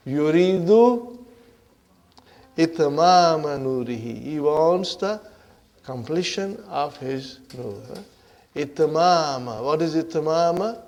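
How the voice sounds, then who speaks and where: A man's voice: fairly high pitch, a little slow, darkish tone. A man teaching Arabic grammar in a classroom lesson. He reads Arabic lines aloud, explains them in English and keeps checking in with "huh?" and "are you with me?".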